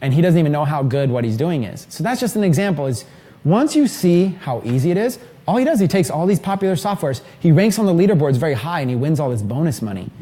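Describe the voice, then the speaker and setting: A man in his thirties giving an energetic, rambling live seminar talk to a small group in an event room. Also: fairly high pitch, fast. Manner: energetic, rambling, filler-heavy. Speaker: mastermind trainer.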